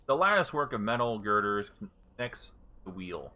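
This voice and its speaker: A man's voice: mid-range voice, sing-song, a little fast, sharp tone, highs cut off. A man acting as game master, reading out scene descriptions and correcting himself as he goes. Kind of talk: narrating a tabletop game.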